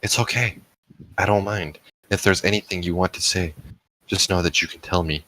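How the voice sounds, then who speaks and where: A man's voice: on the low side, fairly even intonation, a little slow, sharp tone, voice pushed up, rough recording. A man voicing a shy, nervous young character who stammers and hesitates.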